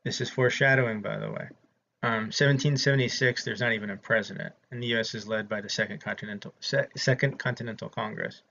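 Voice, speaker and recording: This Southern instructor talks fast and steadily, his fairly low voice creaky, pushed and bright. He chats through a history lecture for his students, filling it with frequent ums. The recording is lo-fi and slightly dull, with faint background noise.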